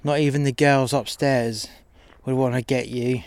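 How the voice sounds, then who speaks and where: A man's voice: mid-range voice, fairly even intonation, normal speed, darkish tone, no echo, lightly acted. A man playing a rude doorman who taunts and swears. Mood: taunting.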